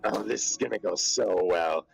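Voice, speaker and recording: A man's voice: fairly low pitch, moderate pace, gravelly, faint music behind, low-quality recording. A man playing a tabletop game, laid-back and joking as he plans his moves. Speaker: player. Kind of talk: tabletop role-play chat.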